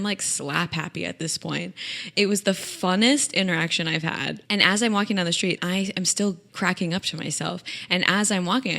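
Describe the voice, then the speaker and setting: A woman's voice: on the low side, vocal fry, a bit bright. A young adult woman hosting a podcast, telling funny personal stories in a chatty, self-mocking way and laughing often. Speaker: podcast host. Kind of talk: comic personal storytelling.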